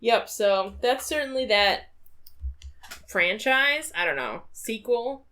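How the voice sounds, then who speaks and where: Young adult woman co-host, easygoing and unhurried, laughs easily, high-ish voice. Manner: laughs a lot, animated and giggly. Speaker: podcast co-host. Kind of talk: casual chat.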